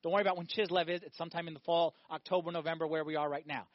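A man preaching a lively sermon as a priest, often asking his listeners questions. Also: fairly high pitch, very fast, no room sound. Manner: animated, asks the congregation questions. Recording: dull, dry recording.

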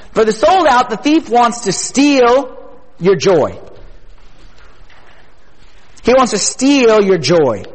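Man, high-pitched, youth retreat sermon, energetic, conversational, keeps asking the crowd questions, long hall reverb.

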